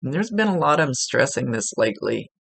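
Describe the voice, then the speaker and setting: A woman's voice: a bass voice, sing-song, brisk, creaky, a bit bright, breathy edge, no echo. A woman working as a psychic medium, giving a casual, rambling reading and often correcting herself mid-sentence. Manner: chatty, rambling, self-correcting.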